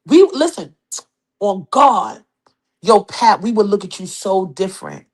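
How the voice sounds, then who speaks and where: A woman's voice: medium pitch, very animated, a little slow, a little mellow. A woman hosting a casual celebrity gossip podcast, brash and teasing, who keeps tossing out a questioning "huh?". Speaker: podcast host.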